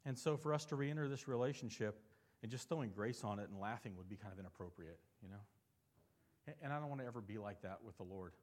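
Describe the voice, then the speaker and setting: A pastor giving a conversational sermon, asking the congregation questions and moving between lively, emphatic stretches and softer, earnest ones. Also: male voice, quick pace. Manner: conversational preaching with frequent rhetorical questions; swings between animated emphasis and soft, low earnest passages.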